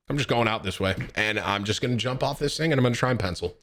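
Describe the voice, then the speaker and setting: A young man telling a story to his stream chat, animated and profane, jumping into a raised voice to act out quotes. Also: on the low side, very fast, hardly any pauses.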